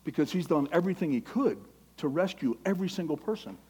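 A man delivers a sermon in a high, ringing voice. He preaches with passion and quotes scripture. When he gets excited his voice climbs higher still. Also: fast, husky. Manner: impassioned, quotes scripture, acts out prayers.

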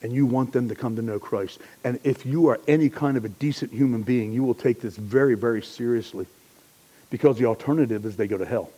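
A man's voice: mid-range voice, fairly quick, low-quality recording. Conversational joking male pastor. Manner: conversational and joking, swings from loud emphasis to hushed asides. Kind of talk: sermon.

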